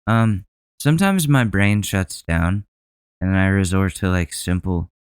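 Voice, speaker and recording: A man's voice: low-pitched, measured pace, smooth, no room sound. A man hosting a comedic solo podcast, riffing crudely and sarcastically about news clips. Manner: mocks public figures in a put-on voice. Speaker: podcast host.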